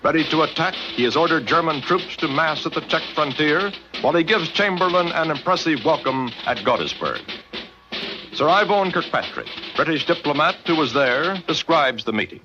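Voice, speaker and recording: A man narrating a historical documentary in an authoritative, steady, scripted style. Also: fairly high pitch, moderate pace, over music. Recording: dull lo-fi broadcast sound. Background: dramatic score.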